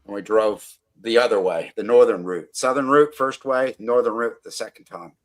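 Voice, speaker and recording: A middle-aged American man with a slightly softened accent, telling stories as a guest in a casual podcast interview, with many ums and restarts. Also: fairly low pitch, normal speed. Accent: American, slightly softened by Australian. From Connecticut, USA. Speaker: guest photographer.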